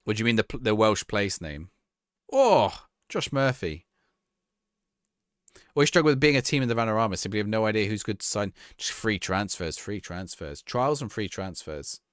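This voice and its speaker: A man's voice: on the low side, lively intonation, fairly quick, fairly bright tone, smooth, dry recording, clean studio sound. A young man casually chatting through a live game stream, answering chat in a rambling, easygoing way and laughing often. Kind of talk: casual gameplay commentary, reading chat.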